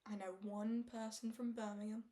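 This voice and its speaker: A woman's voice: on the high side, level tone, normal speed, mellow. A young woman from Britain, chatting casually as she bakes at home, rambling and trailing off. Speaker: streamer. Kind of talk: casual chat while baking. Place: home kitchen.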